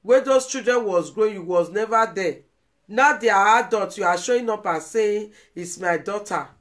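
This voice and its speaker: A woman's voice: mid-range voice, normal speed. A woman with a Nigerian accent giving emotional, pleading commentary on a live video, repeating herself for emphasis. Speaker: vlogger.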